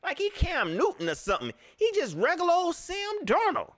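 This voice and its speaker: A man ranting in casual slang about football, repeating his points with animated emphasis. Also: very high voice, normal speed, no room sound, clean studio sound. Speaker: sports vlogger. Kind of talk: casual sports rant.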